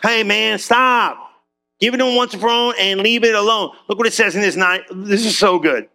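High, bright-voiced animated preacher man. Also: moderate pace. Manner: animated, slangy and joking with the congregation. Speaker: pastor. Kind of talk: conversational sermon. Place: church.

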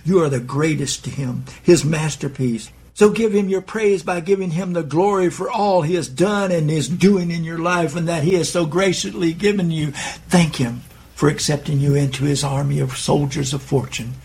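A man voicing Jesus in a guided devotional meditation, speaking gently, solemnly and reassuringly. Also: fairly high pitch, moderate pace, creaky, husky. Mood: gentle. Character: gentle loving male Jesus, calm and assured.

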